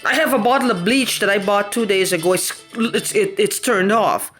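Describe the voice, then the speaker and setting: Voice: medium pitch, normal speed, fairly bright tone, faint music behind. A vlogger in an agitated personal rant. The talk is angry and rambling, full of repeated questions and swearing.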